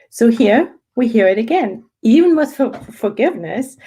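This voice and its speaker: Woman study leader, unhurried and earnest, stressing key words as she explains scripture over a video call. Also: medium pitch, warm tone, poor audio. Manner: slow, emphatic, reflective delivery. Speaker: study group host. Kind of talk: spiritual text study with commentary.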